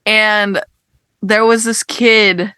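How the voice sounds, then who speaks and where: A young woman co-hosting a podcast, telling a story in casual chat, animated and exasperated, swearing as she rants. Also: mid-range voice, very slow, smooth, no echo. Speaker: podcast co-host.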